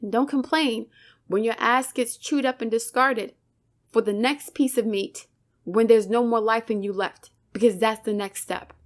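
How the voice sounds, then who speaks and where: A woman's voice: a little high, fairly even intonation, moderate pace. Fired-up woman preaching commentary. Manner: emphatic, preachy, rhetorical questions, swears. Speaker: channel host, commentator. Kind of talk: impassioned commentary monologue.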